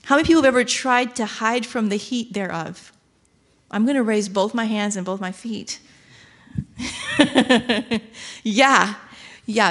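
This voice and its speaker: A woman preaching a sermon in an animated way, acting out quoted voices and laughing as she goes. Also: medium pitch.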